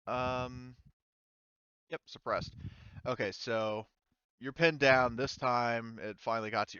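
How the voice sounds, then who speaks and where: A man's voice: mid-range voice, steady tone, takes it slowly, long pauses, pushed and bright, clean tone, dry recording. A man running a tabletop war game as game master, talking loosely with lots of fillers and restarts. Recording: slightly dull, lo-fi mic.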